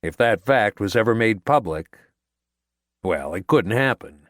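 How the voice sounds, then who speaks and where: A male audiobook narrator with a somewhat low voice, reading at an unhurried, deliberate pace. His delivery is measured and steady. The recording is dry and close, as from a voice-over booth. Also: dry recording. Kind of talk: scripted narration.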